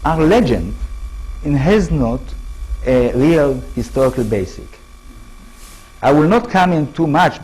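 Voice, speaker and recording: A man with an Israeli accent giving a lecture to an audience in halting English, often restarting words and checking in with his listeners. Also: mid-range voice, a little mellow, husky, poor audio. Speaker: author giving a public talk.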